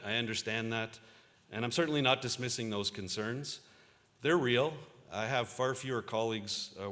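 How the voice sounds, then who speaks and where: Speaking at a convocation in a large auditorium, the Ontario-born journalist, a man in his fifties, shares anecdotes with the occasional filler. His voice is on the low side and a bit bright, with a large-hall sound.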